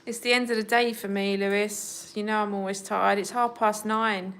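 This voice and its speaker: A woman's voice: mid-range voice, little pitch movement, moderate pace. A woman hosting a casual livestream from home, chatting with viewers and talking to her cats. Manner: chatty, talks to her cats in a soft baby voice. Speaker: livestream host.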